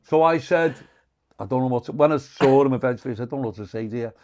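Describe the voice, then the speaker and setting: A man's voice: mid-range voice, fast talker, a little mellow. A male comedian, telling crude, swear-filled stories in casual chat and acting out the quotes. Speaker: comedian guest. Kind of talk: casual storytelling.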